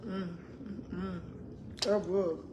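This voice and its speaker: Eating on camera, a chatty woman in her sixties who used to run a school addresses y'all and murmurs and hums as she chews. Her mid-range voice is slow with fairly even intonation, and the background is noisy.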